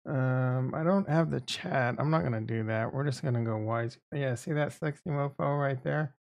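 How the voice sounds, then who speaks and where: A man's voice: mid-range voice, normal speed, creaky. Rambling man hosting a live stream. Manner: rambling and self-interrupting, with frequent fillers. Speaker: streaming channel host. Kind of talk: casual live-stream chat.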